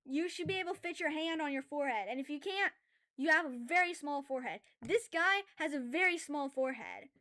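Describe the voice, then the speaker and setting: This drawing streamer speaks quickly in a high-pitched voice, casually chatting with her viewers while she works. Her loud, lively rants give way to soft apologies, and her self-aware chatter is peppered with filler words and laughter.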